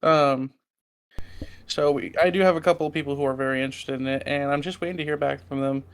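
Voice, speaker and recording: A man's voice: a little high, steady tone, quick pace, clean tone. A man hosting a casual podcast chat, talking loosely and swearing freely. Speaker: host and server owner.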